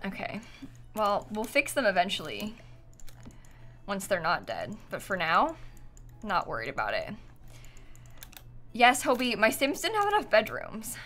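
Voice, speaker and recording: Young female streamer, bright chatty voice, giggly storyteller, keys clicking behind. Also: mid-range voice, huge pitch swings, measured pace, long pauses, soft background music. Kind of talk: casual livestream chat while gaming.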